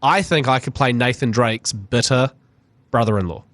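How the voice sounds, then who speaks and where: A man co-hosts a gaming podcast, telling stories in a loose, easygoing way and swearing here and there. His voice is mid-pitched, close and dry on the mic. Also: moderate pace, a bit bright, dry recording. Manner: storytelling, swears casually. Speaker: podcast co-host. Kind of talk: casual chat.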